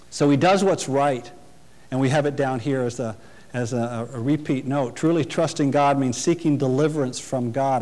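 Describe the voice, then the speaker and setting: Earnest preacher in a reverberant hall. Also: male voice, a little high, darkish tone. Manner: earnest expository preaching with repetitions. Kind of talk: sermon.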